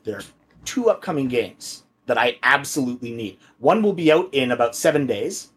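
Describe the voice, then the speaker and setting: A man telling animated, laugh-filled stories as a guest in a casual podcast chat. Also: mid-range voice, moderate pace, husky. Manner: animated storyteller, swears and laughs often.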